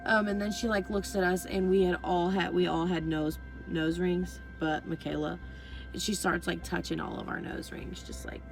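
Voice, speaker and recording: Young adult female vlogger, loose rambling storyteller, heavy profanity, soft music bed underneath. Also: fairly low pitch, fairly even intonation, moderate pace, gravelly, low-quality recording. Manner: swears freely, rambling with constant fillers. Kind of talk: casual storytelling.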